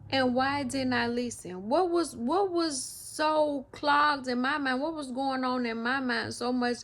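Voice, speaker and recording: A woman talking through her feelings in a personal vlog, halting and emotional, often restarting her sentences and speaking of her faith. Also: on the high side. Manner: faith-filled, speaks of God. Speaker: vlogger.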